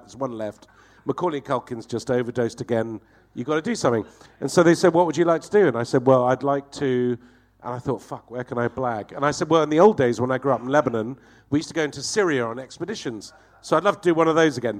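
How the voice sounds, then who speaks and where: A man telling a profane, animated comic anecdote as a guest on a talk show, acting out the voices in his story. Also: medium pitch.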